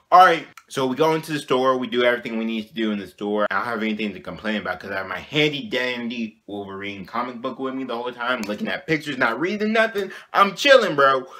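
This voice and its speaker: A young man telling a childhood story in a casual vlog, animated and slangy, often checking in with "you know what I'm saying". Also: mid-range voice, fairly quick. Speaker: vlogger.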